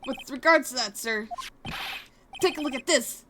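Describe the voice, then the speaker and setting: A woman's voice: sits high, moderate pace, background noise, natural voice. A woman voicing a jittery, eager young male police officer who barks "sir" at the end of his lines. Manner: loud, ends lines with a barked "sir".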